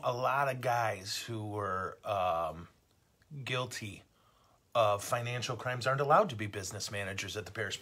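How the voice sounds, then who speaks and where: A man's voice: fairly low pitch, a bit bright, husky. A middle-aged man, a Catholic priest, hosting a casual livestream teaching and rambling along with self-deprecating jokes.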